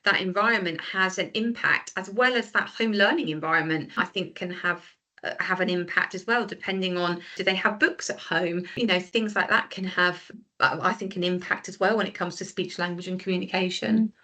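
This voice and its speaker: A woman's voice: fairly low pitch, fairly quick, sharp tone. A woman co-hosting a podcast, talking things through in a thoughtful, hedging way. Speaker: podcast co-host, early years trainer. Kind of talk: casual podcast discussion.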